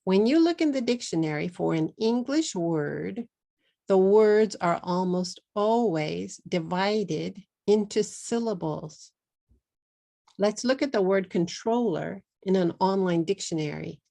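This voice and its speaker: A middle-aged woman from Texas with a Texan accent, teaching an online English lesson in a slow, deliberate way and slipping into Japanese at times. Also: mid-range voice, animated, creaky, warm tone. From Texas, USA.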